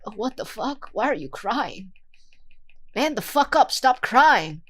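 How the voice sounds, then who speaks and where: A woman's voice: fairly high pitch, very animated, slow, fairly bright tone, full character voice. A woman voicing a flustered, stiff young male game hero who panics and pleads for help. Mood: gruff.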